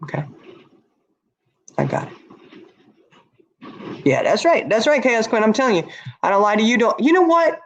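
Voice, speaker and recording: A woman's voice: a little high, big pitch swings, normal speed, pauses often, muffled recording. A tired woman hosting a casual livestream, talking bluntly and answering her chat as she goes. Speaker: livestream host. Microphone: laptop or webcam.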